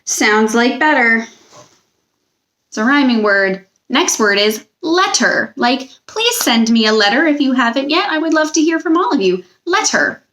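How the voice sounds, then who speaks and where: Patient woman teaching spelling slowly. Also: high voice, big pitch swings, fairly bright tone. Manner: patient, slow, stretches out words. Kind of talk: recorded spelling lesson for children.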